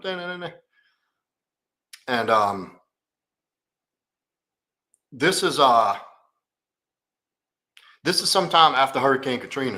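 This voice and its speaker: A man's voice: medium pitch, bright, forceful tone. A man, a coach telling a candid, profane, rambling personal story in a live Q&A.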